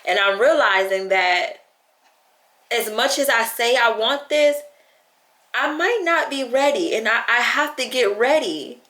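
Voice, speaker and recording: A woman's voice: fairly high pitch, expressive, measured pace, sharp tone. Woman vlogging, all heartfelt and teary, chatty, says like a lot, echoey room. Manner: tearful and heartfelt, close to crying; chatty, lots of "like" and quoting herself. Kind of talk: emotional talk to camera.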